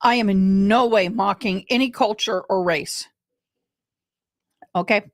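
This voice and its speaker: A woman's voice: mid-range voice, moderate pace, no room sound, studio quality. A woman hosting casual crime commentary, chatty and rambling, often going off on tangents.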